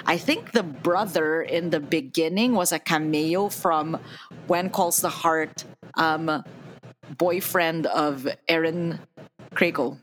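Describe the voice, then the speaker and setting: A woman with a low voice co-hosts a podcast, chatting casually about a movie and sharing strong opinions while laughing often. She speaks at a slow pace, and the recording is rough.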